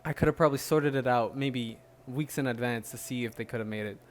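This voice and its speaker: A man with a medium-pitched voice hosts a solo podcast at a brisk clip. He chats casually and rambles, piling on fillers and restarts and laughing often.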